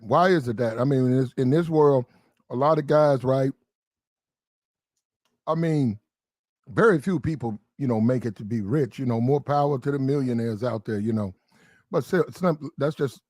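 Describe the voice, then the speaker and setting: A man's voice: medium pitch, darkish tone, no room sound, clean studio sound. A man hosting a live stream, chatting loosely and rambling, often repeating himself. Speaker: streamer and host. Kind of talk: casual live-stream commentary.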